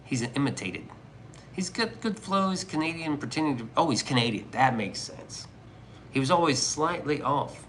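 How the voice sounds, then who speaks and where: A man's voice: medium pitch, a bit bright, slight background noise. Profane joking male streamer. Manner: profane, joking, rambling banter. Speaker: livestreamer reading chat. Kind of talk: casual livestream chat.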